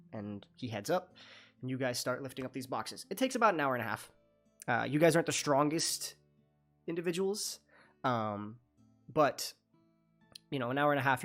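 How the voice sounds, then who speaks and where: A man's voice: mid-range voice, fairly bright tone. A man narrating a tabletop game as dungeon master, loose and full of fillers.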